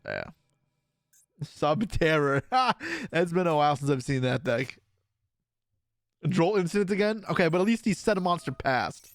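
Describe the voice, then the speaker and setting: A man's voice: on the high side, normal speed, long pauses, no echo, clean studio sound. A man casually commentating his own card game play on a live stream, joking and swearing. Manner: laid-back, jokey, swears and laughs often.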